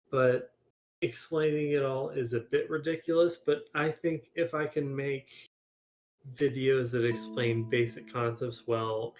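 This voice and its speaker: Rambling man with hiccups on voice chat. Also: mid-range voice. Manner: rambling, restarts often, hiccuping. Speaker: game developer, 3D modeler. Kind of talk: casual voice chat.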